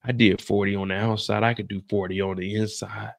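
A man's voice: lowish voice, little pitch movement, a little fast, vocal fry, no echo, pitched below the performer's own voice. A man voicing a cocky young male drug dealer who talks blunt, boastful street slang.

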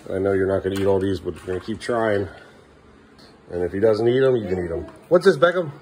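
A tired father chatting casually with his young kids in the kitchen of the family home, weary and exasperated, sometimes raising his voice and often trailing off low and mumbly. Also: animated, fast, a loud crowd. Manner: raises his voice at a defiant child.

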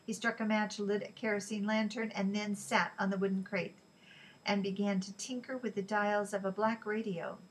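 A woman narrating an audiobook in a steady, even storytelling voice. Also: mid-range voice, normal speed, low-quality recording. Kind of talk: scripted narration.

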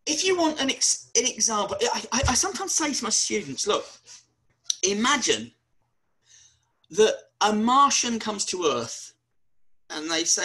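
A man's voice: high voice, sing-song, a little slow, pauses often, bright, forceful tone, poor audio. A middle-aged man giving a chatty, self-deprecating webinar lecture, often stumbling over repeated words.

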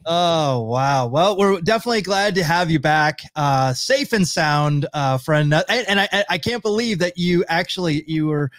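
A man's voice: on the high side, normal speed, few pauses, a bit bright, no room sound, studio quality. A man hosting a livestreamed podcast, chatty and upbeat, laughing often. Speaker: podcast host. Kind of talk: casual chat.

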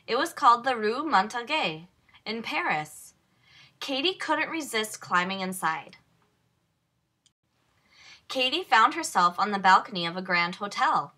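A woman reads a children's picture book aloud in a slow, unhurried way. Her voice is bright and a little high, and it rises and falls a lot as she tells the story. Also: expressive. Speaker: storybook reader. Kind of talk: children's read-aloud narration.

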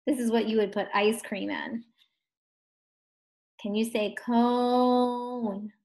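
A woman teaching a phonics lesson to first graders, slow and encouraging, stretching words out for the children. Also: mid-range voice, flat delivery, creaky, darkish tone.

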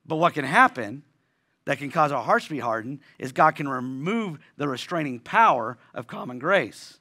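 A pastor preaching a sermon in a conversational way, restarting phrases often and asking rhetorical questions. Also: male voice, a little high, lively intonation, normal speed, sharp tone.

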